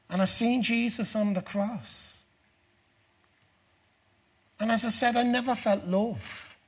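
A middle-aged man giving a testimony sermon, moving from quiet storytelling to loud, fervent preaching. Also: sits high, husky.

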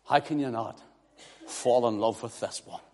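A man preaching a sermon, swinging from hushed, quiet passages to loud, impassioned declarations. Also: medium pitch, moderate pace. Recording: long hall reverb.

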